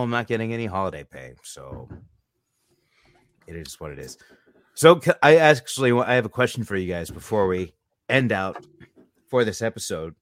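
A man's voice: lowish voice, fairly bright tone, dry recording. A man hosting a podcast, chatting casually, joking and asking his co-hosts questions. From California. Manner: jokey, rambling, asks the guests questions. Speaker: podcast host.

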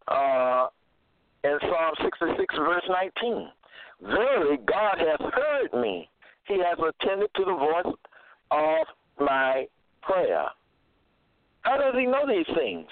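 Man preacher, emphatic scripture reading, slow and deliberate, dry phone-line sound. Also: a little high, no room sound. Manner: emphatic, repeats phrases, spells out words.

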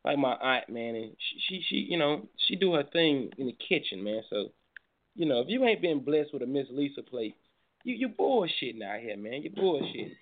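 A man's voice: medium pitch, sing-song, normal speed. A man hosting a casual morning show, laid-back and slangy. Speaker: radio show host. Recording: tinny phone-like audio.

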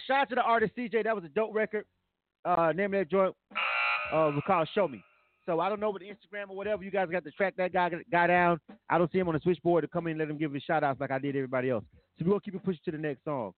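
A man with a high voice hosts a live music review show. He talks loosely and rambles between songs with plenty of fillers. The sound is thin and phone-like. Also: very fast. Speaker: radio show host.

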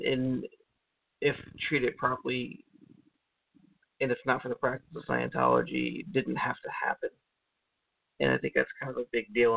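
A man hosting a podcast, giving an earnest, halting introduction with many hesitations. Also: mid-range voice, no room sound. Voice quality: gravelly, husky. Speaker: podcast host. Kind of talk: show introduction. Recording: tinny phone-like sound, dry.

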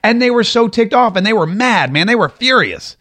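A man's voice: high-pitched, lively intonation, fairly quick, pushed and bright. A man hosting a political commentary show, talking casually and animatedly, often stumbling over and repeating words.

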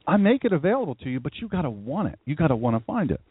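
A man voicing God as a patient, gently correcting speaker within a sermon. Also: a little high, sing-song, rapid-fire, husky, no room sound. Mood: gently instructive. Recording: dry, tinny phone-line sound.

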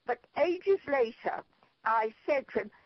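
A woman's voice: fairly high pitch, a little slow, husky, dry recording, muffled recording. An older woman with an Irish accent, a guest in an interview, telling rambling anecdotes and laughing at her own stories. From Ireland. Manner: lively, rambling storyteller who laughs at her own tales. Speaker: interview guest, spiritual leader.

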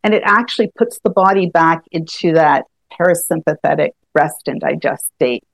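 A woman's voice: deep voice, normal speed, creaky, dry recording. Woman chatting about tapping, laughs a lot, restarts her sentences, dry close sound. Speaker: EFT tapping practitioner, guest. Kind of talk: conversational explaining.

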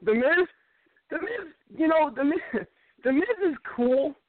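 A man with a high voice tells stories in a loose, rambling way, tripping over restarts and repeating himself. He comes through a thin, phone-like line. The sound is dry, with no room around it. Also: animated, unhurried, dry recording. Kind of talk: casual chat.

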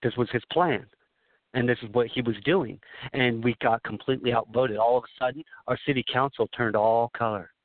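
A man from Southern California comes through a thin, tinny phone line with a dry, close sound. His voice sits at an ordinary middle pitch. He rambles and stresses his points, often restarting his sentences. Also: fairly quick, no echo. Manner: rambling, emphatic storytelling with many restarts. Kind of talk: talk radio conversation.

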